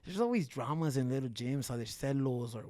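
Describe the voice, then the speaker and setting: A young man from South Central Los Angeles, a fighter telling animated, profane stories as a podcast guest and slipping in Spanish words. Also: medium pitch, fairly quick, no echo. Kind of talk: casual podcast storytelling.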